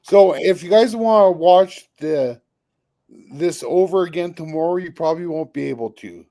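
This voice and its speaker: A man with a somewhat raised pitch and a mellow, dark tone chats casually. He needles his co-host with deadpan, teasing jokes. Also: moderate pace. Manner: dry, teasing joker. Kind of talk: casual chat.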